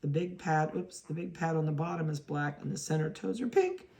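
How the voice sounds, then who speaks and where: Gravelly-voiced woman breeder chatting. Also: sits low, lively intonation, a little fast, dark tone. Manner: chatty, talks to the puppies, laughs at own mix-ups. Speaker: dog breeder. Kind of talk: casual running commentary while handling puppies. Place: indoors at a kennel.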